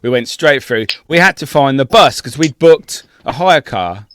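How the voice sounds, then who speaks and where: A man co-hosting a podcast, telling a travel story in a sweary, laughing, animated way. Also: mid-range voice, normal speed, no room sound. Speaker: podcast co-host. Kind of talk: casual storytelling chat.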